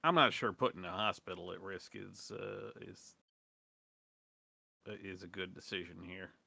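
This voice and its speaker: A man's voice: sits low, unhurried, vocal fry, pushed and bright, no echo. A man speaking in character during a tabletop role-play, with a folksy, drawling way of talking.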